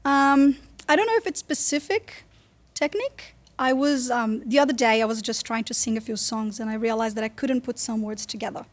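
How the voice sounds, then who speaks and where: A woman's voice: fairly high pitch, moderate pace. A woman from Brazil with a Brazilian accent, chatting as a guest in a casual interview and laughing often. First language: Portuguese. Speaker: guest singer.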